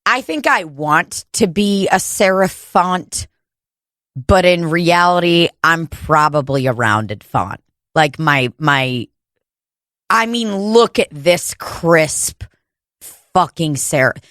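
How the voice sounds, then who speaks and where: A woman comedian co-hosting a podcast from home, talking slowly and loosely. Her voice sits close and dry on the mic. She rambles, swears freely and laughs at her own jokes. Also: sits low, expressive, fairly bright tone, dry recording. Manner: crude, rambling, laughs often, breaks into mock voices. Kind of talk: casual comedic chat. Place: home room podcast setup.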